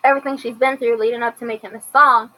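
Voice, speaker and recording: A woman with a fairly high voice recaps a TV episode in loose, casual commentary. She retells it chattily and slips into the characters' lines as she goes. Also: fairly even intonation, quick pace, pushed and bright, rough recording. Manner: chatty retelling with acted-out quotes. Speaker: TV episode reviewer.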